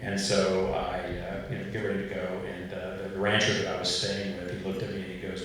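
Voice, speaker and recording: A man with a fairly low voice spins loose, folksy stories for an audience, leaning on fillers and asides. He sounds set back from the mic, and the room throws a heavy echo around every word. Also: monotone, a little fast, few pauses, a bit bright, slight background noise. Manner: folksy, rambling anecdotes with many fillers. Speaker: author speaking at an event. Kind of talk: storytelling talk and Q and A. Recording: roomy echo, voice far from mic.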